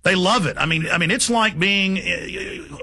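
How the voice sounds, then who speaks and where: A man hosting a talk radio show, speaking in an indignant, emphatic way. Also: high voice. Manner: forceful, indignant, fast and emphatic. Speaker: radio host.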